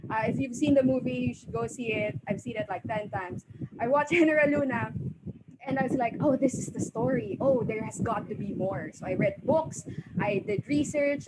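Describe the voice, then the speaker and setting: A woman with a Filipino accent speaking as a panelist in a casual online discussion, bubbly and quick to laugh at herself. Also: sits high. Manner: bubbly, laughs often, self-deprecating. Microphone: video call. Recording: loud background noise.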